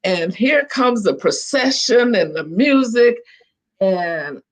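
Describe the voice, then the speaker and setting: An older woman, a guest on a video call, telling stories in a chatty, animated way and often restarting her sentences. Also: a little high, slow pace. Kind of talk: casual storytelling on a video call.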